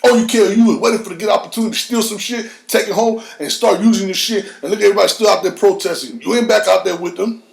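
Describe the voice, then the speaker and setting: Gravelly, fired-up man ranting on a podcast. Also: quick pace, reverberant. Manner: profane, impassioned, swings from low mutters to high shouts. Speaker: podcast host. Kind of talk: heated solo podcast rant.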